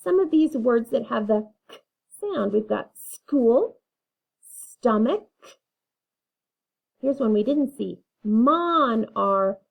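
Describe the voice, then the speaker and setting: A woman's voice: fairly high pitch, lively intonation, takes it slowly, gravelly, pauses often, mellow, husky. A woman teaching a phonics lesson, reading words and having learners repeat them patiently. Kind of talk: phonics lesson, slow and clear.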